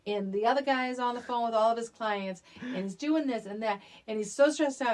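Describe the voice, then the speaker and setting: A young woman chats about a film with a co-host. She sounds animated and emphatic, with a voice pitched a little high. She often restarts her sentences as she builds her case. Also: normal speed. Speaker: podcast co-host. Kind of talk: casual movie chat.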